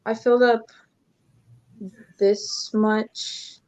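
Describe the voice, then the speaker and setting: A woman's voice: on the high side, flat delivery, extremely slow, darkish tone. A woman co-hosting a podcast, chatting eagerly and casually. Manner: eager and chatty, with some fillers. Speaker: podcast co-host. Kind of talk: casual chat. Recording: dull lo-fi sound.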